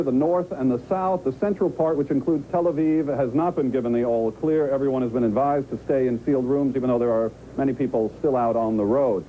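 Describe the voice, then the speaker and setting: Male reporter over a tinny line. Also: medium pitch. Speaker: news correspondent. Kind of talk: live news report. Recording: tinny phone-like feed with faint hiss.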